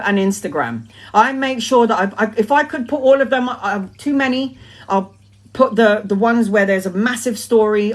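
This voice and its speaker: A woman in her forties, a tarot reader talking in a casual live-stream monologue, emphatic and repetitive, swearing freely as she talks. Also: mid-range voice. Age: 40s.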